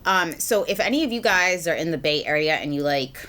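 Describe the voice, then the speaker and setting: A chatty woman in her thirties from the US talks through her makeup routine at home, rambling with fillers and self-deprecating laughs. Her voice sits low for a woman. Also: animated, a little fast, bright, forceful tone. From United States. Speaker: beauty vlogger. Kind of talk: chatty get-ready-with-me vlog. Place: home, at a mirror, indoors.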